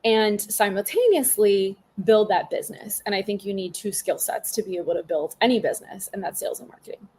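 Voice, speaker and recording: A woman in her thirties speaks as a podcast guest in a relaxed, chatty way, full of fillers and quick asides. Her voice has a slightly husky grain and sits at an ordinary middle pitch for a woman. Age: 30s. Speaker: podcast guest, business mentor. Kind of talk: casual interview conversation.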